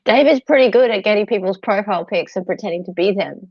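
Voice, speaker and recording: A woman's voice: medium pitch, quick pace, husky, no echo. A woman co-hosting a casual stream, chatty and telling stories with plenty of laughter. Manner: chatty, animated storyteller with laughs. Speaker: stream co-host. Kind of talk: casual chat. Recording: dull dry lo-fi sound.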